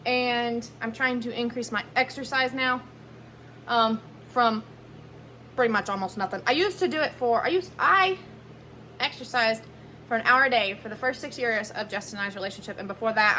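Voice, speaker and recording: This one is a chatty woman rambling in her home kitchen as she cooks dinner, filming on a handheld phone camera and correcting herself as she goes. Her voice is fairly high and sharp-toned, a little fast, with slight background noise.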